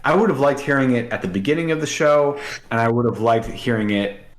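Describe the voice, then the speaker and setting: A man's voice: mid-range voice, brisk, echoey room. A man co-hosting a podcast, chatting casually and emotionally with many fillers. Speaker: podcast co-host. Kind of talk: casual chat.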